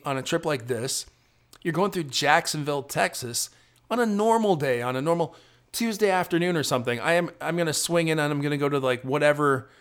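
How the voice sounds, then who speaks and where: A drowsy man talks into his phone as he drives through the night, rambling and joking at his own expense. His voice sits at an ordinary middle pitch, and the talk has the loose, chatty feel of a solo driving monologue. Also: fairly bright tone, clear, resonant tone. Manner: chatty, rambling, self-deprecating. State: tired, drowsy. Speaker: travel vlogger. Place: inside a car at night, driving in rain.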